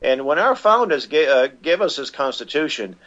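A man's voice: on the high side, big pitch swings, moderate pace, a bit bright, highs cut off. A man being interviewed as a guest, speaking in a rambling way with many restarts and fillers. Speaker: guest, constitution educator. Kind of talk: phone-in radio interview.

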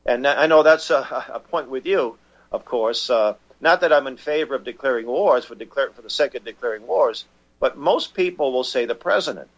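Guy on a muffled call, mid pitch, keeps restarting his sentences, lots of uhs. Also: expressive, normal speed. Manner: rambling, frequent restarts and fillers. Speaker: guest, constitution educator. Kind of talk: phone-in radio interview.

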